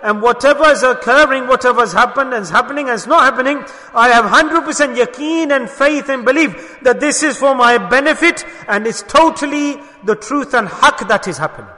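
A man with a very high, bright voice preaches a sermon. He presses his points with emphatic rhetorical questions and often drops to soft, low murmurs. His voice rings with the long reverb of a large hall. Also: fairly quick, few pauses.

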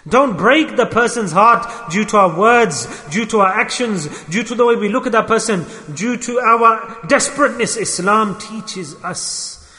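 This preacher's high-pitched, sharp voice drives an impassioned sermon full of repeated phrases and acted-out quotations from his stories, all echoing with long hall reverb.

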